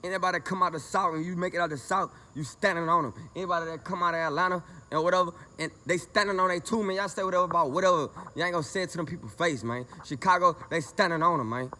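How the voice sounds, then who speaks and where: Angry high-voiced man ranting. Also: fast, few pauses, bright, forceful tone. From Lake Charles, Louisiana, US. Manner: confrontational, profane, repetitive. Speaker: vlogger. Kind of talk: heated rant to camera.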